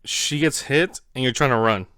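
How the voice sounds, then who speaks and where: A man with a bright, forward tone and a smooth, clean voice talks as a podcast guest. He is animated and swears freely. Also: medium pitch, normal speed. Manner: animated, swears a lot, acts out his own shouting. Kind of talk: casual chat.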